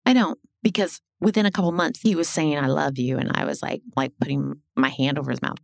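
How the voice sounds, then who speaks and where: A middle-aged woman telling her life story as a podcast guest, animated and blunt, swearing and acting out what people said. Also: low voice, fairly quick, vocal fry, no echo. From Illinois. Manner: animated, swearing, acts out quoted dialogue. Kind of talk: casual storytelling interview.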